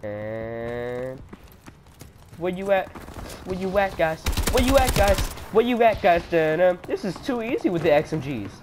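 High, lively playful young gamer guy. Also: unhurried, background noise. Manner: playful, taunts enemies in sing-song banter; excitable, yelps and shouts when hit. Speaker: gameplay commentator. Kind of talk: live gameplay commentary. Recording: loud game gunfire behind voice. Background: game sound effects and gunfire.

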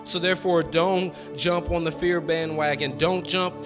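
A man preaching a sermon as pastor, with folksy, colloquial phrasing and call-and-response lines that build to fervent shouting. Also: fairly high pitch, steady tone, a little slow, big-room sound, over music. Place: church sanctuary.

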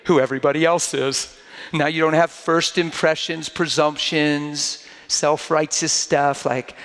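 A man's voice: on the high side, fairly even intonation, measured pace, fairly bright tone, big-room sound. A man preaching a sermon in a conversational way that builds to fervent emphasis, now and then acting out mocking quoted voices.

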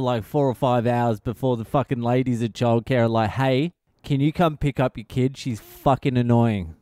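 A man's voice: medium pitch, warm tone, clean tone, no echo, studio quality. A middle-aged man, a comedian hosting his own podcast, rambling through a casual comedic monologue and swearing constantly.

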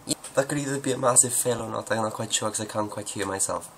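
A man's voice: lowish voice, fast, a bit bright, a little hiss or hum, poor audio. A man answering viewer questions at home in a rambling, joking, self-deprecating way. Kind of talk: casual Q&A monologue.

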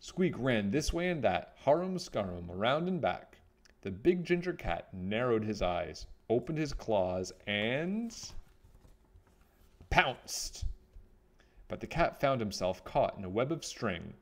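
A man reading a children's picture book aloud, with expressive storytelling. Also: medium pitch, unhurried.

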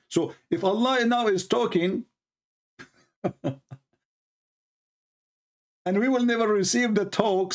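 A man's voice: sits high, animated, measured pace, long pauses. A man hosting a livestream, talking in a scornful, mocking way in non-native English grammar. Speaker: livestream host. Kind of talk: mocking religious debate talk.

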